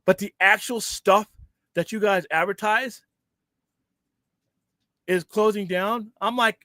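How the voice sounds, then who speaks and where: Casting: male host, high voice, heated profane rant, dry close sound. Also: slow pace, long pauses, no room sound. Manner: heated, profane, animated ranting. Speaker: podcast host. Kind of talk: casual ranting chat.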